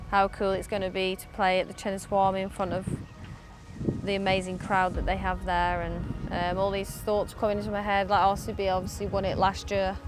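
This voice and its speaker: A woman cricketer, giving candid, chatty interview answers with easy laughter. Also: mid-range voice. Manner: chatty and upbeat, laughs easily. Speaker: professional cricketer. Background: background music.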